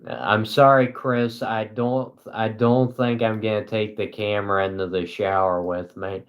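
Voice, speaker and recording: A young man, apparently a small-time streamer on a casual broadcast, rambles to his live chat in a dry, self-deprecating monotone. He talks slowly in a slightly low voice, and the audio has its highs cut off.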